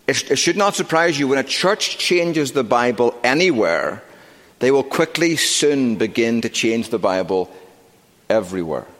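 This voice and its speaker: A middle-aged male pastor delivers an emphatic sermon, drawing out the words he wants to land. His voice is pitched mid-range for a man. The sound carries a long reverb from the church sanctuary around him. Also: lively intonation, a bit bright. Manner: emphatic preaching, slowing and stressing key words.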